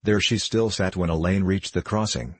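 A man reading a story aloud in measured, steady scripted narration, close to the mic. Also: deep voice, slightly rough, no room sound. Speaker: audiobook narrator.

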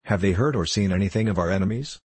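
A man's voice: deep voice, fast talker, darkish tone, husky, no room sound. A man reading the part of an eager young army officer who speaks formally and politely. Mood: questioning.

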